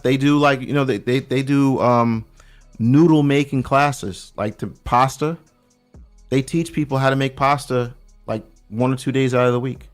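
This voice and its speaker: A New York man tells stories in a loose, slangy way on a remote call, his voice at an everyday middle pitch. He acts out the people he quotes as he goes. Faint music plays behind him. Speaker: podcast guest. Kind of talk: casual chat.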